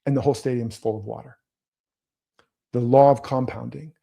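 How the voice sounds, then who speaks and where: A man's voice: mid-range voice, steady tone, normal speed, vocal fry, dark tone. A man hosting his own show, giving earnest motivational commentary and coaching his viewers directly. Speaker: host.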